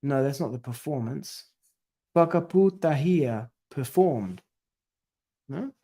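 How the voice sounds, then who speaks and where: A man's voice: medium pitch, expressive, slow, dark tone. A man working through a translation aloud, tentative and self-correcting as he muses over each word. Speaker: scripture study presenter.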